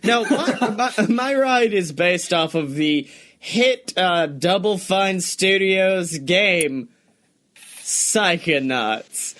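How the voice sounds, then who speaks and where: A young man co-hosting a podcast, chatting casually, excited and swearing often, laughing as he talks. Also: high-pitched, very slow. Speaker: podcast co-host. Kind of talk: casual chat.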